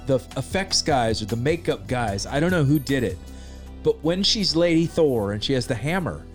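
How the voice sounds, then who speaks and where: A man's voice: mid-range voice, lively intonation, moderate pace, soft background music. A man co-hosting a casual film review chat, agreeable and talkative, often chiming in with yeah.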